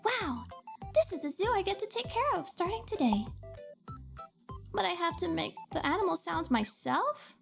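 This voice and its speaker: A woman voicing a cheerful young girl who has just become a zookeeper, bright and wide-eyed. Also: very high-pitched, big pitch swings, normal speed, gravelly, faint music behind, voice pushed up, exaggerated voice. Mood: excited.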